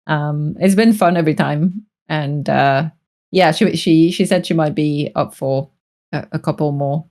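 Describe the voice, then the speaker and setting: A woman's voice: sits low, a little slow, darkish tone. A woman chatting casually as a podcast guest, laughing often and restarting her sentences.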